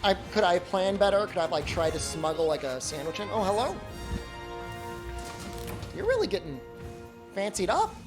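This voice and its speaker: A man's voice: high voice, big pitch swings, normal speed, long pauses, over music. A man streaming a game, chatting casually and jokingly, rambling with lots of "like" fillers. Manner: rambling, heavy use of "like", joking. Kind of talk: casual chat while gaming.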